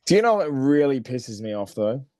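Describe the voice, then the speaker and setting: A man's voice: mid-range voice, sing-song, moderate pace, mellow, no room sound. An Australian man co-hosting a casual sports podcast, trading wry jokes and banter. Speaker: podcast co-host.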